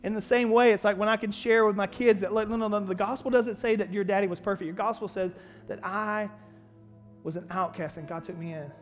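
A male pastor delivers a sermon in a quick, high voice, moving from storytelling to loud, emphatic preaching. His words ring out in a reverberant church hall while soft music plays underneath. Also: steady tone.

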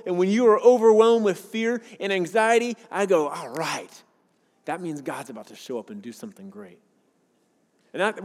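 High-voiced male pastor in an echoing hall. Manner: earnest, conversational preaching with personal stories. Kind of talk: sermon. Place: church sanctuary with a worship team. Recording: long reverb of a large hall.

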